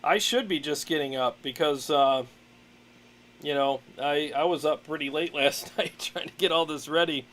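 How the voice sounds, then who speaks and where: A man hosting a casual livestream, chatting in a relaxed way with many fillers and frequent laughs. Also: a little high, normal speed, slight background noise. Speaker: livestream host, guitarist.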